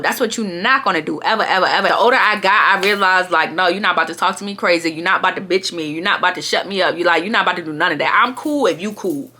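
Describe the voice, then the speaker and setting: A young woman vlogger telling a story to her viewers in a casual, animated and profane way. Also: fairly low pitch.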